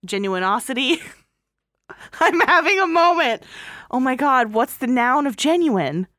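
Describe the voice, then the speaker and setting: A woman's voice: high-pitched, animated, slow pace, a bit bright, dry recording, studio quality. A woman co-hosting a casual movie-review chat, playful and self-deprecating as she talks. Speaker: podcast co-host.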